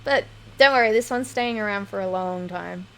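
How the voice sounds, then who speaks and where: A woman's voice: mid-range voice, normal speed. A woman streamer chatting casually over gameplay, laughing often and swearing freely, on a home desk microphone.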